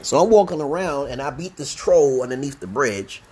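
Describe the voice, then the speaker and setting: Hosting a laid-back livestream, a Brooklyn man spins a meandering, foul-mouthed tale, often starting sentences over. He speaks at a normal speed in a medium-pitched, expressive, slightly mellow voice, and there's a bit of background noise.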